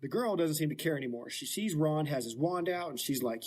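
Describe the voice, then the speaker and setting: A man hosting a casual book podcast, retelling the plot playfully with quick joking asides. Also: fairly high pitch, animated, a little mellow. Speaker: podcast host.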